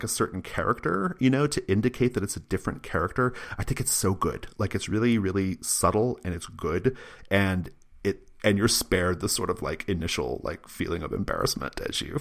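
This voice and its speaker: A man hosting a podcast in casual chat, who laughs often and talks in an animated, rambling way. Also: low-pitched. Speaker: podcast host.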